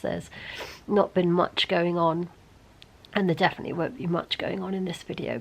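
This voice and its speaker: A middle-aged woman vlogging casually to camera while ill and congested, hoarse and tired, often talking half-whispered. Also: lowish voice, rough recording. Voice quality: gravelly. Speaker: beauty vlogger. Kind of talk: casual vlog chat to camera.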